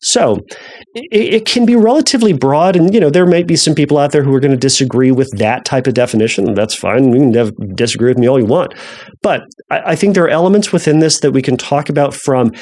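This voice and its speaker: Fast and a little dark in tone, this medium-pitched man runs a solo podcast. His casual talk is full of restarts and jokes at his own expense.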